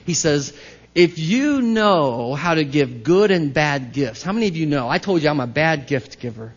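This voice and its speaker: A man's voice: fairly high pitch, dull audio. A man preaching a sermon as pastor, talking in a conversational way and putting questions to the congregation.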